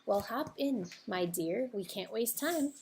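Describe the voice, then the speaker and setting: Lady doing a cheery old fairy godmother, brisk and reassuring, higher voice, storybook. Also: expressive, a little mellow, slight background noise.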